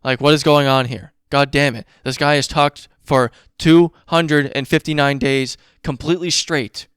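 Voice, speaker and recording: A man hosts his podcast in an agitated, profane rant. His voice is very smooth and clear, with a middle pitch. The sound is dry and close, with no room around it. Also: fairly even intonation, moderate pace, fairly bright tone, no room sound. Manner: profane, worked-up ranting with running math. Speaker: podcast host. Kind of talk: casual ranting commentary.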